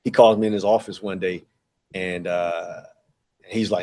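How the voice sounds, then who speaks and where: A man's voice: deep voice, fairly even intonation, moderate pace, darkish tone. A man in his forties, a podcast guest, telling a long personal story in a casual, rambling way with many fillers and acted-out dialogue. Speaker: podcast guest, track and field director.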